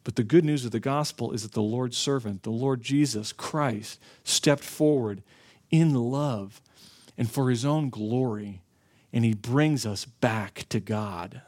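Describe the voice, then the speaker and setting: A man preaching a sermon, earnest, slowing down to stress key phrases. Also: medium pitch, a little mellow. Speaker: pastor.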